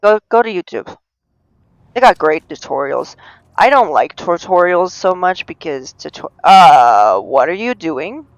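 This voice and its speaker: A woman streamer chats her way through a game in a slow, meandering, self-mocking ramble. Her voice is smooth and clean, and it turns into panicked yelling when things go wrong. The sound is dry and close, with no room around it. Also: on the low side, very animated, no echo, lo-fi sound. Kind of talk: live gameplay commentary.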